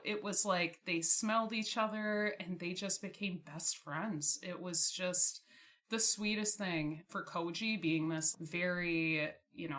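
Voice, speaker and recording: Young woman, twenties, lowish bright voice, chatty storyteller, laughs easily. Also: steady tone, slow. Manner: chatty, laughs often, fillers like "like". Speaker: podcast guest. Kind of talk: casual storytelling.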